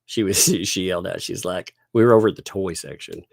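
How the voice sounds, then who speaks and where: Reading donations on a relaxed livestream, this middle-aged host chuckles a lot while thanking his supporters. His low voice carries vocal fry and moves fairly quickly. The studio sound is clean, without echo.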